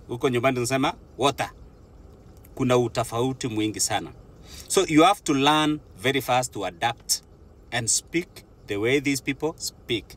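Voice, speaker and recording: A man's voice: mid-range voice, a bit bright. A young Kenyan man with a Kenyan accent, talking casually to his viewers and mixing English with Swahili as he goes. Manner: mixes English with Swahili, chatty and laughing. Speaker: vlogger. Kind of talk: casual talk to camera.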